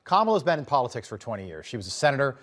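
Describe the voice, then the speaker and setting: A man's voice: medium pitch, sing-song, racing, fairly bright tone. A man hosting a political commentary show, talking in a conversational, emphatic way with sarcastic asides.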